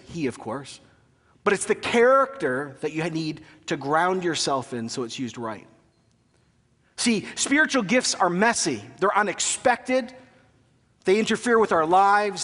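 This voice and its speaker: A high-voiced pastor in his thirties preaches a sermon, sharing a family story with animated, self-mocking humor. The recording carries a long hall reverb.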